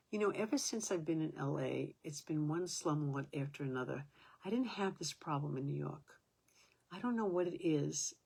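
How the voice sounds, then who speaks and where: A woman's voice: low voice, creaky, a little mellow, slightly rough. An older woman at home, talking to her own camera in a rambling, aggrieved way, with many fillers. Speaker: vlogger. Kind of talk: casual talk to camera.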